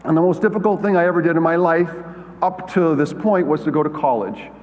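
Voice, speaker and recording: A man in his sixties from the United States, giving a conference keynote as a halting, self-deprecating storyteller with many fillers and restarts. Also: fairly high pitch. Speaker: keynote speaker. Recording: muffled sound with long hall reverb.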